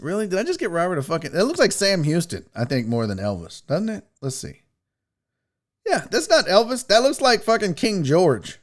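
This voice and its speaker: A man's voice: sits high, very animated, normal speed. A man hosting a sports talk livestream, chatting casually and profanely while teasing his chat. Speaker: sports show host.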